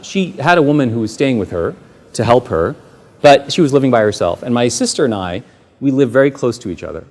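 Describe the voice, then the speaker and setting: A man's voice: mid-range voice, a little mellow, in a large hall. A middle-aged man giving a public lecture, telling personal stories in a conversational way and acting out bits of dialogue, with frequent fillers. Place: large lecture hall.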